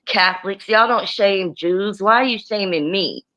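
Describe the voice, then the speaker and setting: A woman's voice: medium pitch, a little slow, bright, forceful tone, slight background noise, low-quality recording. A woman speaking as an activist guest on a live-stream chat, outspoken and unapologetic.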